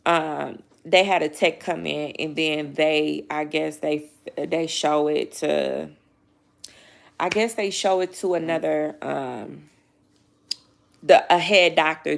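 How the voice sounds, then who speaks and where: A woman's voice: fairly low pitch, creaky, fairly bright tone. A young woman vlogging casually, telling a personal story in a rambling, emotional way, close to tears. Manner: emotional, rambling, frequent "you know what I mean", swears. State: near tears.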